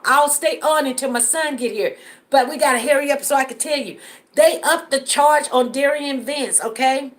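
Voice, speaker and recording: A woman with a high-pitched voice hosts a casual live stream. She talks earnestly to her viewers and often repeats lines to drive a point home. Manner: earnest, repeats herself for emphasis.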